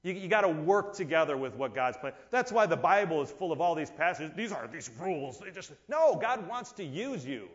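Male preacher, high register, lively sermon delivery, dull lo-fi recording. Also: a little fast, hardly any pauses. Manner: animated, acts out voices, rises and drops in volume. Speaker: pastor. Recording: dull lo-fi sound.

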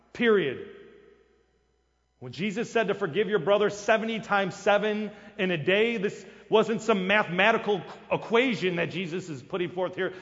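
High-voiced preacher in a reverberant hall. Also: male voice. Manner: emphatic preaching, rising to loud rhetorical questions. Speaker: pastor. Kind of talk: sermon. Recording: dull long-reverb hall sound.

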